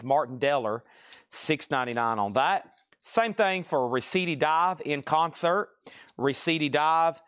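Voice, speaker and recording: A man's voice: mid-range voice, a bit bright, dry recording, clean studio sound. A man hosting a live record sale stream, rattling off titles and prices with chatty asides. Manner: brisk item-by-item price calls with chatty asides. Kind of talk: live-stream sales patter.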